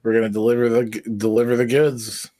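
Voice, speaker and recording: Player, male, mid-pitched; dry close sound, decisive planner. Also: level tone, fast, warm tone, no echo, poor audio. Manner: decisive, lays out plans. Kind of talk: tabletop game play.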